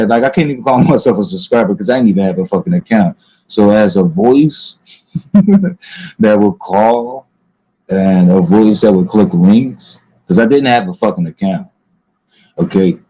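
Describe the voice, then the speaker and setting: Man, low voice, dark mellow tone, halting casual monologue, dull lo-fi recording. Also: expressive. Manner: halting, full of ums and restarts. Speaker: commentary channel host. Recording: dull lo-fi sound.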